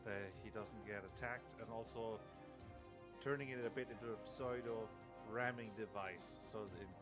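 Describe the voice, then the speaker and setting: A man's voice: fairly low pitch, fairly even intonation, normal speed, music in the background. A man playing in a tabletop game, describing his plans hesitantly with many fillers. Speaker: player. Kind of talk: casual tabletop play.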